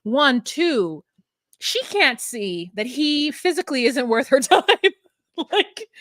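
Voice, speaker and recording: Bright-voiced young woman recapping. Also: high-pitched, takes it slowly, no room sound, clean studio sound. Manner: laughing, animated, acts out quotes. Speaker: podcast co-host. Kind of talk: casual recap chat.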